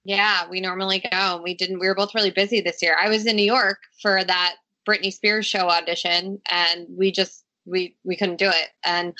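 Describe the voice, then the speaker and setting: A woman's voice: on the low side, level tone, moderate pace, hardly any pauses, bright, forceful tone. A woman hosting a podcast from home over a video call, chatting casually, laughing often and cursing now and then. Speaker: podcast host. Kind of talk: casual chat. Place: home room by a window.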